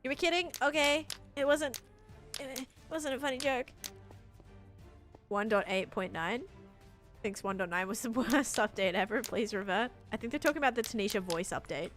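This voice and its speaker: A woman's voice: on the high side, moderate pace, a bit bright, faint music behind. A young woman, chatting casually while live-streaming a game and answering chat.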